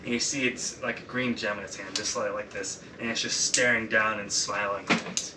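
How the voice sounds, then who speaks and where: A man's voice: lowish voice, steady tone, moderate pace, roomy sound. A man narrating as dungeon master at a game table, loose and rambling, with lots of ums and casual swearing. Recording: distant mic with clear background noise.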